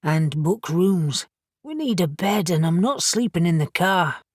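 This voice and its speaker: A woman's voice: fairly low pitch, lively intonation, measured pace, husky, no room sound. A woman playing a tired, practical shifter man. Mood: weary. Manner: dry, matter-of-fact. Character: weary, practical male wolf shifter.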